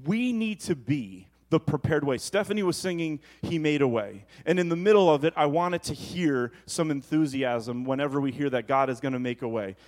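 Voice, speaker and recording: A man preaching a sermon as pastor, rising to loud emphatic lines and slipping into joking asides. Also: on the high side, moderate pace, few pauses.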